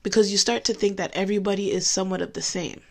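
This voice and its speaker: A woman's voice: medium pitch, steady tone, gravelly. Candid woman sharing a faith testimony. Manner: candid and conversational, with emphatic slowed phrases. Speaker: Christian speaker giving a testimony. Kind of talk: personal faith talk.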